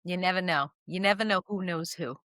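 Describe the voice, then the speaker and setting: Woman, podcast co-host, lowish voice, animated storyteller, dry close sound. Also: a little fast, no echo. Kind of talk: casual storytelling chat.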